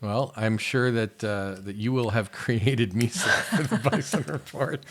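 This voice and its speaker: A man's voice: medium pitch, unhurried, a bit bright, slight background noise. A man co-hosting a podcast in casual chat, wry and joking, often breaking into laughter while reading a listener email aloud. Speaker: podcast co-host.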